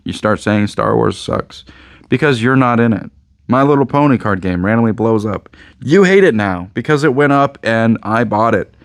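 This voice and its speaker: A man's voice: mid-range voice, animated, normal speed, no echo, clean studio sound. A man with a Midwestern American accent, a card shop owner rambling casually to camera, joking and repeating himself. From Indiana, USA.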